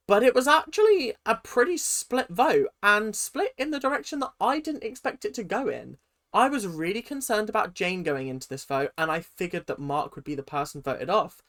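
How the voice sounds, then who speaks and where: A woman's voice: lowish voice, fairly bright tone. A woman, giving a chatty, casual recap of a reality TV show, acting out the people she quotes. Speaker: reality TV reaction vlogger.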